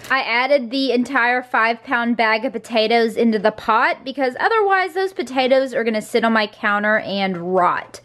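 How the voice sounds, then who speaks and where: A young woman, chatting casually through her day as a vlogger. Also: on the high side. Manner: chatty, talks baby-talk to her dogs. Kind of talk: casual vlog narration.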